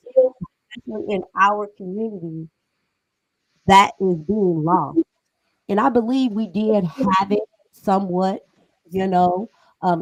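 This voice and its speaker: A woman's voice: on the low side, darkish tone, low-quality recording. A middle-aged woman hosting a talk show, speaking in an emphatic, conversational and preachy way. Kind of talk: casual panel talk.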